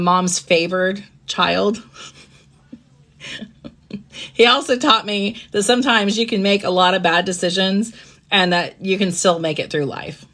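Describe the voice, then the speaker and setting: A woman hosting a live-streamed personal talk. She speaks reflectively and gently, often checking in with her listeners by asking "right?". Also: mid-range voice. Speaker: host.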